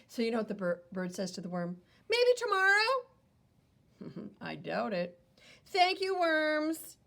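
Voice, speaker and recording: A woman's voice: medium pitch, vocal fry, a little hiss or hum. A woman teacher reading a picture book aloud to children, wondering aloud and explaining as she goes.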